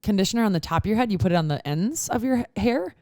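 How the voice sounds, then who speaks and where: A young woman co-hosting a podcast, chatty and expressive, often slipping into little acted-out dialogues. Her voice sits at a middle pitch and sounds dry and close to the mic. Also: very fast, no room sound. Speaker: podcast co-host. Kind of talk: casual chat.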